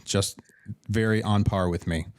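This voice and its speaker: This guy's voice sits fairly low and the sound is dead dry, close up with no room at all. he's a podcast guest from emergency response, rambling and swearing through a casual story, restarting his sentences as he goes. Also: steady tone, measured pace, a little mellow, no echo.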